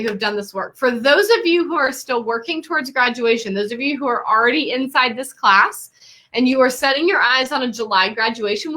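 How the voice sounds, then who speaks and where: A woman's voice: high-pitched, bright, forceful tone. A woman teaching quilting online, giving an effusive, encouraging graduation speech to her students over a webcam. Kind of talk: live-streamed graduation address. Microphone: webcam, face to camera.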